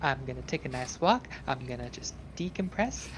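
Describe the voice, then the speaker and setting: A woman's voice: very deep voice, sing-song, normal speed, a little hiss or hum. A woman voicing a sheepish young woman who has been caught snooping, nervous and stammering. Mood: weary.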